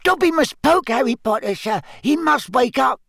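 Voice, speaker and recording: Squeaky, eager male house elf with broken grammar; very high, lively storybook voice. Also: moderate pace, vocal fry, no echo, full character voice. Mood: urgent.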